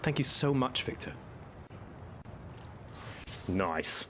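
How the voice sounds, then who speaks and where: A man's voice: mid-range voice, very animated, drawn-out words, a bit bright, slight background noise. A man casually commenting while he plays a video game, reading lines aloud and cooing at a pet. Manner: playful, reads game dialogue aloud, coos at pets. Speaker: streamer. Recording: game music playing behind.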